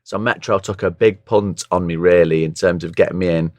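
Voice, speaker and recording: A man's voice: deep voice, steady tone, a little fast, darkish tone, dry recording. A hungover man, a former football commentator, telling rambling anecdotes in a casual podcast chat, with a somewhat nasal voice. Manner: rambling anecdotes, acts out other people's lines.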